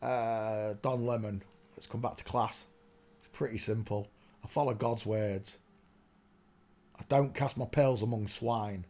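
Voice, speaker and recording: A man's voice: fairly low pitch, steady tone, a little slow, pauses often, a little mellow. A man hosting a livestream, ranting in a rambling monologue to his chat and muttering to himself as he searches on screen. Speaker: livestream host.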